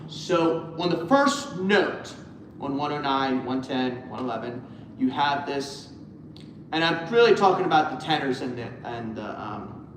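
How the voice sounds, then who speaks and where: A man's voice: mid-range voice, animated, unhurried, background noise. A man directing a choir rehearsal, coaching singers and singing short phrases to show them how. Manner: coaching, sings phrases to demonstrate. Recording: echoey, far from the mic, with music.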